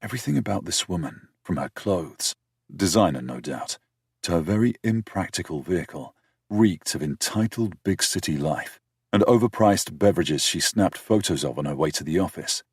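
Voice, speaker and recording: A man narrating a first-person romance audiobook in a dry, measured storytelling manner with wry asides. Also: low-pitched, expressive, slightly rough, no echo.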